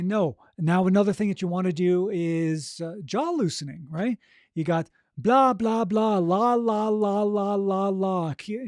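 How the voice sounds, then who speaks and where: A man's voice: fairly high pitch, warm tone, no room sound, clean studio sound. A man coaching audiobook narration on a podcast, encouraging and keeps checking in with "right?" and "okay?". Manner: encouraging, repeats "right?" and "okay?", demonstrates vocal exercises.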